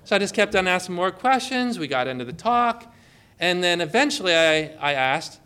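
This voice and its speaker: A man's voice: on the high side, animated, a little fast, pushed and bright, clear, resonant tone. A man from Connecticut giving a conversational sermon, telling stories and asking rhetorical questions. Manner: storytelling, full of rhetorical questions. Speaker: preacher.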